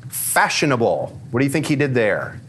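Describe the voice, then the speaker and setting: A man giving a lively, conversational talk to a live audience, peppering his speech with fillers and questions for the crowd. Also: mid-range voice, normal speed, slight background noise.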